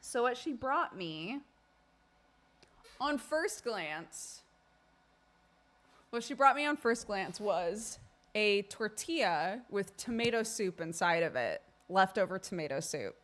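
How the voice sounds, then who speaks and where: Woman, streamer, casual storytelling, lively swooping pitch, unhurried delivery. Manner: animated, expressive, acts out quoted speech. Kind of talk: casual storytelling to a live chat.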